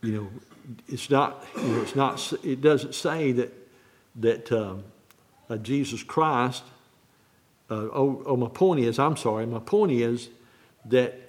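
A man preaching on a Bible verse, halting and restarting often, repeating key phrases slowly. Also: medium pitch. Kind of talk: sermon, unscripted Bible teaching.

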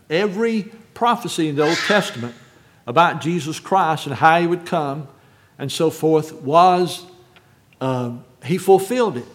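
A man preaching a sermon, rising to loud, fervent repetition and then dropping to quiet, measured reading of scripture. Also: a little high, a little hiss or hum. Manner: builds to shouted quotes, then drops to hushed reading.

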